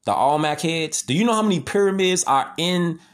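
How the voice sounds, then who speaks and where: Man, lively rising-and-falling pitch, slangy, repetitive, preachy rant. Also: normal speed. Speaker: commentator. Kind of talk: impassioned monologue.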